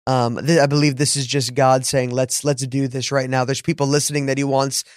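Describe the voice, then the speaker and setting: A man's voice: mid-range voice, flat delivery, fairly quick, dry recording, clean studio sound. A young adult man hosting a faith podcast, talking earnestly in a casual way, with many restarts. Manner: earnest, with filler-laden restarts. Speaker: podcast host. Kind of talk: casual chat.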